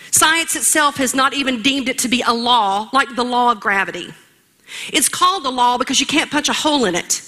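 A woman's voice: high-pitched, pushed and bright. A woman preaching a sermon in an emphatic, rhetorical way, speaking straight to her listeners.

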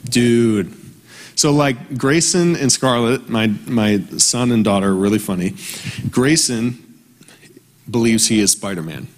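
A man in his thirties preaching a conversational, earnest sermon, slowing down for emphasis. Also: mid-range voice. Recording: long reverb from a large hall.

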